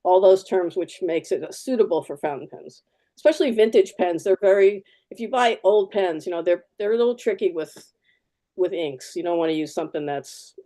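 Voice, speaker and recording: A woman's voice: fairly low pitch, animated, brisk, warm tone. A woman artist giving a live fountain pen demo, chatty and practical, repeating key words for emphasis. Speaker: artist demonstrating fountain pens.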